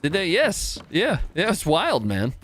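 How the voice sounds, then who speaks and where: A man's voice: high voice, huge pitch swings, measured pace, a bit bright. A man in his thirties from the United States, casually chatting with viewers while streaming a game, laid-back and chuckling often. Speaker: livestream host.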